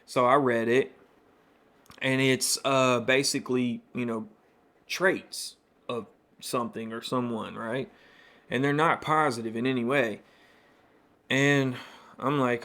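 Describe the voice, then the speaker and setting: A man in early adulthood recounts his own experience as host of a personal podcast. He talks in a loose, candid way, full of fillers and asides. His voice sits at a middling pitch. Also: fairly even intonation, slow, long pauses, sharp tone. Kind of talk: personal storytelling monologue.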